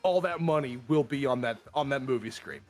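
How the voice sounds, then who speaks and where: This young male streamer talks in a mid-range voice, slightly quick, as he chats casually with friends and airs his opinions. Animated and opinionated, he keeps jumping into mock voices while faint music runs behind him.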